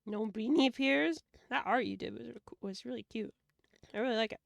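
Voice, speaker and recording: A woman's voice: on the high side, normal speed, creaky, dry recording, lo-fi sound. A woman streamer chatting casually while she draws, playful and joking, laughing often.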